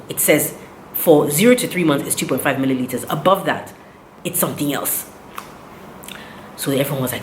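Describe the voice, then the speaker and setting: A woman's voice: low-pitched, fast talker, roomy sound, slight background noise. A woman, animatedly retelling a story in a casual vlog, with indignant quoted dialogue. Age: 30s. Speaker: vlogger.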